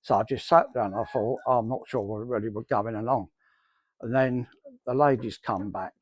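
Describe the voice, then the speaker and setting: Captured in a dry recording with dull audio, a middle-aged church member tells his personal testimony at medium pitch and a moderate pace. He wanders through the story, voicing the dialogue he recalls.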